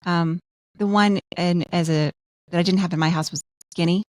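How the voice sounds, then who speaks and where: A woman's voice: fairly low pitch, steady tone, moderate pace, a little mellow. A woman who is a dentist co-hosts a podcast, talking earnestly in casual chat and telling everyday examples. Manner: earnest, storytelling with quoted examples.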